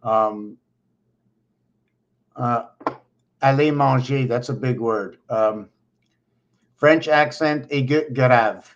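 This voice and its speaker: A man vlogging from home, talking in a meandering monologue full of pauses and restarts. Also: mid-range voice. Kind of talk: rambling monologue to camera. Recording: dull lo-fi recording.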